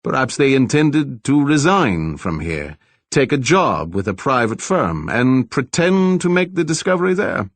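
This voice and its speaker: A man voicing a calm, lecturing laboratory scientist with a slight foreign accent, explaining things patiently in an audiobook. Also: medium pitch, no room sound, voice pushed up. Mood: explanatory. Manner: measured, explanatory, politely evasive. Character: middle-aged male lab director, soft-spoken, lecturing, with a slight foreign accent.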